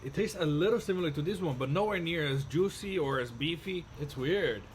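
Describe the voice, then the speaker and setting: A man's voice: a little high, lively intonation, fairly quick, slight background noise. A man tasting food with a friend, wry and a bit dreading it. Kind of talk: casual food-tasting chat.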